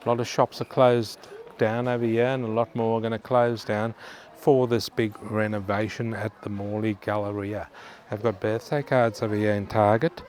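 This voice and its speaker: A man's voice: lowish voice, little pitch movement, moderate pace, darkish tone, slight background noise. An Australian man casually walking through a department store, chatting to viewers and reading out prices. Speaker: vlogger. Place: indoor department store in a shopping centre.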